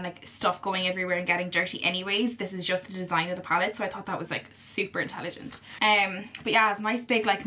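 Gushing, excitable young Irish woman. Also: mid-range voice. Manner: gushing, excitable, chatty with many fillers. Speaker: vlogger. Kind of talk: casual vlog chat.

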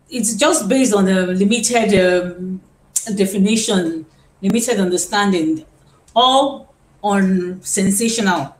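A woman from Nigeria teaching singing on a live stream, explaining at length and repeating words as she thinks. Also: mid-range voice. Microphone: phone. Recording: roomy phone live stream with faint hiss.

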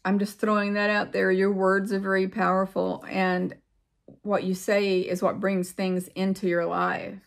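A woman speaking straight to her viewers in a loose, heartfelt monologue, her voice full of gravelly fry. She wanders from thought to thought, repeats words to press her point, and trails off into pauses. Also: medium pitch, flat delivery. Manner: rambling and reflective, drifting into pauses; earnest, repeats words for emphasis. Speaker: vlogger.

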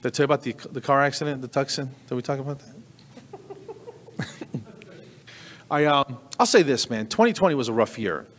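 A middle-aged man performing stand-up comedy, telling a story with animated delivery and sudden high squeaks of disbelief. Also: quick pace. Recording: long reverberant hall.

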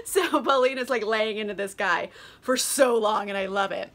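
Tipsy young woman vlogging, giggly, swears a lot, says like constantly, bright voice. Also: fairly high pitch, measured pace. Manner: giggly, crude, gushing, heavy on "like". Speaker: book vlogger. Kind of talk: casual, profane book summary.

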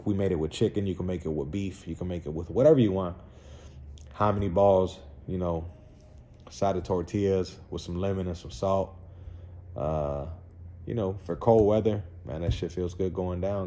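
A man's voice: sits low, warm tone, a little hiss or hum. A man vlogging casually from his wheel shop, rambling and cursing with lots of fillers. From Puerto Rican heritage. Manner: laid-back, rambling, curses, many fillers like "you know". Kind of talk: casual vlog walkthrough.

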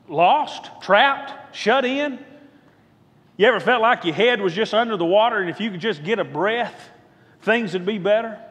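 High-voiced man preaching in a reverberant church. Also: a bit bright. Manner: rhythmic repetition, calls out to the congregation for response. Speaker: pastor. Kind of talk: sermon. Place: church sanctuary.

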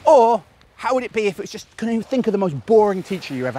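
Man, self-help coach, talking to camera, somewhat high voice, very lively pitch. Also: fast, a little hiss or hum. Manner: animated, playfully acts out silly voices. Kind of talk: direct-to-camera advice video.

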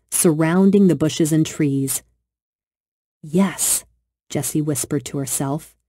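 A woman reads a children's storybook aloud in a gentle, expressive way. Her voice is lowish with a dark, mellow warmth, and the sound is dry and close. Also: no room sound. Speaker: narrator.

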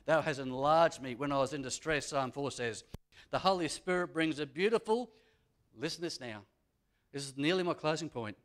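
A man preaching from the pulpit in a fairly high voice. He is a pastor who repeats his key lines and lets his delivery swell for emphasis. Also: expressive, normal speed, a bit bright. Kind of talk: sermon. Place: church.

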